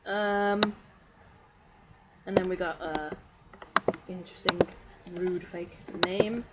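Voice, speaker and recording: A woman's voice: fairly low pitch, slow pace. A woman streamer giving casual meme review commentary, rambling and giggling with lots of fillers. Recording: steady background noise.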